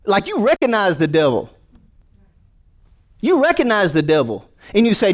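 A man's voice: high-pitched, huge pitch swings, normal speed. A male pastor preaching a sermon, joking with the congregation and calling for responses.

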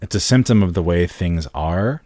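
A man with a deep, low voice explains things at an even, measured pace on a casual podcast, dropping in "um" and "like" as he goes. The sound is dry and close, with no room around it. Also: no echo. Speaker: podcast co-host.

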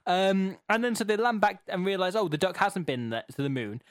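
A man's voice: sits high, big pitch swings, brisk, dry recording, clean studio sound. A man, co-hosting a comedic chat, recapping with sarcasm and frequent laughter. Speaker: podcast co-host.

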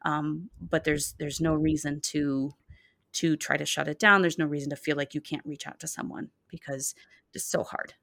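Earnest woman with a low, dry voice. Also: fairly even intonation, creaky, a bit bright, dry recording. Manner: earnest, measured, many fillers and restarts. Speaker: child therapist guest. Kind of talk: podcast interview, advice.

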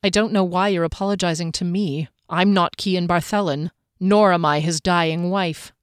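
A narrator voicing a blunt young warrior woman who asks sharp, pointed questions. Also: medium pitch, very animated, moderate pace, no echo, studio quality, pitched above the performer's own voice, lightly acted. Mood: cool, pointed.

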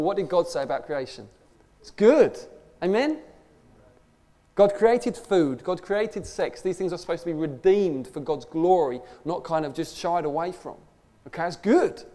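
A man's voice: high-pitched, a little mellow. A man preaching a conversational sermon, emphatic and full of rhetorical questions. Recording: long hall reverb.

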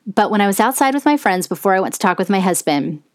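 A middle-aged woman hosts a podcast and talks through a personal story in a frank, chatty manner. Her voice sits at an ordinary middle pitch and is recorded close and dry, with no room sound. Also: expressive, fast talker, no room sound. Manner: candid and conversational, heavy use of "like". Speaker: podcast host.

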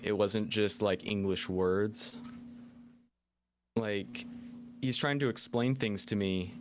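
Podcast co-host, male, lowish voice, loose storyteller, faint hiss behind. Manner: rambling storyteller, acts out quotes. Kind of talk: casual chat over beers.

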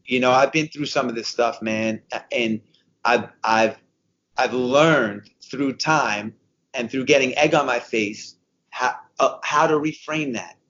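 Male guest, fifties, lively storyteller, middle pitch, dull recording. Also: measured pace. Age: 50s. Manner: animated storyteller, repeats himself, restarts. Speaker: guest, endurance racer. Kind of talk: casual podcast conversation.

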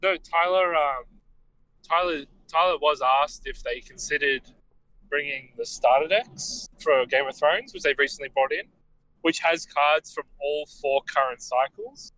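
A man from Australia chats on a podcast in a slightly raised voice. He hesitates often and builds his points slowly. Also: on the high side, pushed and bright, poor audio. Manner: hesitant, many ums and restarts. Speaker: podcast co-host. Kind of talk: casual podcast chat.

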